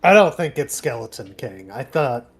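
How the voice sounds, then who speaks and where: A man co-hosting a game stream in casual chat, hesitant and full of pauses and fillers. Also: mid-range voice, very animated, gravelly, slightly rough, soft background music. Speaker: stream co-host.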